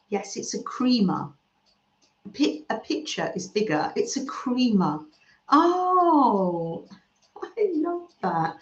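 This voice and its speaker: Casting: unhurried woman, soft murmuring crafter's voice, roomy and slightly muffled home recording. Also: medium pitch. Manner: soft-spoken, murmurs "mm" often, trails off mid-sentence. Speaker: craft live-stream host reading chat. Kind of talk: slow, gentle chat while crafting.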